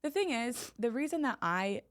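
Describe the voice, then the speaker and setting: A woman's voice: on the high side, big pitch swings, moderate pace. A woman co-hosting a casual podcast, teasing her friend and laughing often. She has a slight lisp. The sound is dry, with no room echo. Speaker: podcast co-host. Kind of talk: casual chat.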